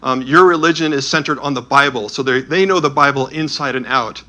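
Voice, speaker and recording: Using slides from an illuminated Bible, a man tells the stories behind the images. His medium-pitched voice sounds pushed and bright, and he talks fairly quickly.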